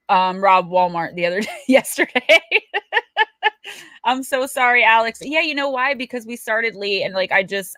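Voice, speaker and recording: Middle-aged New woman, livestream host, bright tone, dry close sound, chatty and quick to laugh. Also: medium pitch, dry recording. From Paterson, New Jersey. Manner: chatty, animated storyteller who laughs often. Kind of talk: casual livestream chat.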